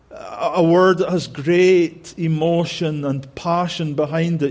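A man's voice: a little high, fairly even intonation, moderate pace, few pauses, darkish tone. A man preaching an expository sermon, talking earnestly and repeating phrases for emphasis, with frequent restarts.

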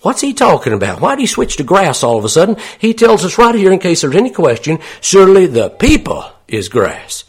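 A man preaching in a husky, slightly higher-pitched voice. He talks folksy and plain, turning often to his listeners with questions. It comes across as an unhurried sermon. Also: sing-song.

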